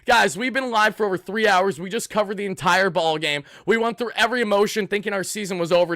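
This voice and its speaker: Young NY male streamer, high and bright, worked up, shouts a lot, close dry mic. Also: fairly even intonation, quick pace, few pauses, dry recording. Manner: hyped, loud, shouting and thanking donors. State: sweaty and worked up. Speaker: host of a fan live stream. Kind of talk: excited postgame livestream chat.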